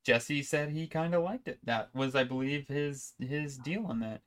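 This man, co-hosting a podcast, chats loosely about video games, meandering, laughing, and breaking into his own sentences to restart them. His mid-range voice moves at a normal speed.

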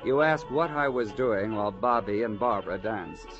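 A man's voice: on the low side, moderate pace, natural voice. An actor playing a theatrical, mocking man in a 1950s radio drama, talking in a campy sing-song and mimicking others. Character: theatrical, mocking man, a dancer's twin brother. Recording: dull old radio broadcast with music.

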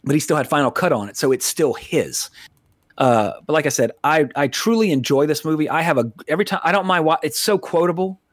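A man with a somewhat higher voice than most men rambles through a casual film review chat. He swears a lot and keeps cutting himself off. The sound is close and dry, with no room around it. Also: a little fast, no echo. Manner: rambling, profane, self-interrupting. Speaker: podcast co-host reviewing films.

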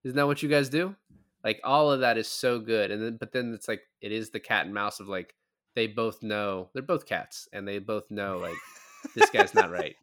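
A man's voice: lowish voice, moderate pace, a bit bright, no echo, clean studio sound. A man co-hosting a casual movie podcast, retelling scenes with quoted lines and casual swearing. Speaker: podcast co-host.

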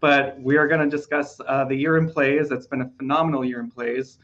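A man's voice: medium pitch, little pitch movement, brisk, fairly bright tone, highs cut off. A man hosting a casual awards-prediction podcast, talking chattily with fillers while losing his voice. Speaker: podcast host.

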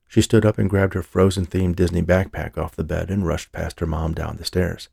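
A man reading an audiobook in a steady, measured storytelling voice. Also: low-pitched, vocal fry, no echo, clean studio sound. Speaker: audiobook narrator. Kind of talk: scripted narration.

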